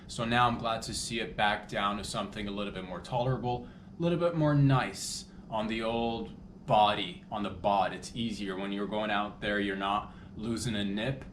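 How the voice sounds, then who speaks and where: A man's voice: fairly low pitch, moderate pace, a bit bright, echoey room, a little hiss or hum. A man hosting a comedy podcast, rambling loosely with crude jokes and asides. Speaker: podcast host.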